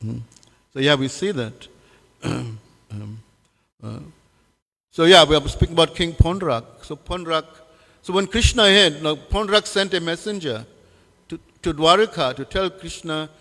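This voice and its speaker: A man giving a devotional scripture class, halting with many fillers and putting questions to his listeners. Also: fairly high pitch, a bit bright. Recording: long hall reverb.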